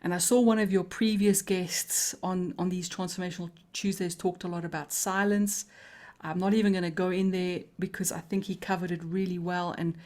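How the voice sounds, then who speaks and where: A woman leads a coaching lesson in a calm, melodic voice. She takes her time, slows on key phrases and leaves deliberate pauses. Her tone is inviting and she laughs easily. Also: on the low side. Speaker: coaching trainer. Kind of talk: live coaching webinar teaching.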